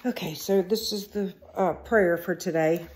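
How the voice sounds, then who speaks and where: A woman reading a daily devotional and scripture aloud, then praying, in an earnest and slightly halting way. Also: lowish voice, darkish tone. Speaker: devotional vlogger.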